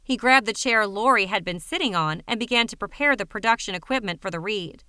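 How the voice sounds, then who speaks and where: A woman narrating an audiobook in an even, wry storytelling manner on a close studio mic. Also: medium pitch, fairly quick, smooth, no room sound.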